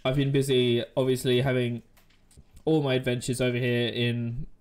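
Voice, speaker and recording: A man's voice: mid-range voice, little pitch movement, normal speed, darkish tone, clear, resonant tone. A man chatting casually on a live stream, joking and rambling while he eats at his desk mic. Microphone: desk microphone.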